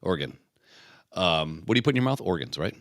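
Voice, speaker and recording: Man, low pitch, forceful bright tone, blunt joking podcast co-host, dry sound. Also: big pitch swings, fast talker, no room sound. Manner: joking, asks questions, blunt. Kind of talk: casual chat.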